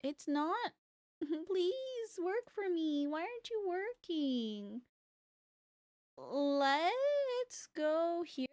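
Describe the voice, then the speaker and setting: A young woman streaming a game live, chatting casually and greeting her chat by name. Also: high voice.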